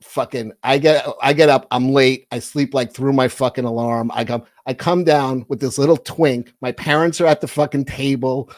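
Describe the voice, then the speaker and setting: A man's voice: mid-range voice, steady tone, moderate pace, hardly any pauses, dry recording. A man co-hosting a comedy podcast, telling crude stories in a rambling, profane way and laughing through them. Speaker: podcast co-host.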